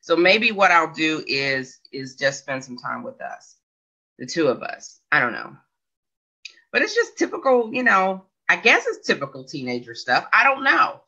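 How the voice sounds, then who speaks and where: This livestream host, a woman in her forties, rambles and chats while going through viewers' comments, frequently second-guessing herself and breaking into laughter. Her low, husky voice is very animated, bright and forceful, at a moderate pace. The recording sounds dull and lo-fi.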